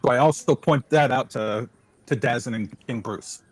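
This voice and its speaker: A man playing in a tabletop game, describing his character's moves haltingly as he thinks aloud. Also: mid-range voice, no room sound. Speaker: player. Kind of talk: tabletop role-play.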